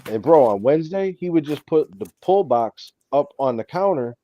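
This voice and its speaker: A man hosting a casual chat, telling stories in an animated way and saying "bro" a lot. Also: a little high, normal speed, no echo, muffled recording. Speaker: show host.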